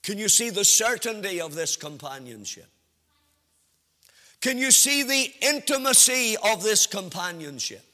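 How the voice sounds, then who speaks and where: A man preaching a sermon in a measured, emphatic way, with sing-song rises and drawn-out phrases. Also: high voice, very animated, bright, forceful tone, big-room sound.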